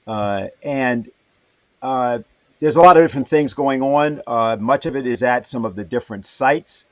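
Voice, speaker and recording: A man hosting a livestream panel who speaks haltingly with many fillers. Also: medium pitch, dry recording. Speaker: host. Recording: dull dry lo-fi audio.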